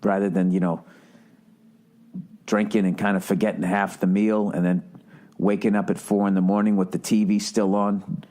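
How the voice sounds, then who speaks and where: Profane, rambling middle-aged podcast host. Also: male voice, fairly low pitch, little pitch movement, normal speed, long pauses, mellow. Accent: Boston. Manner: profane, rambling, sarcastic riffing with put-on quote voices. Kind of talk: casual comedic monologue.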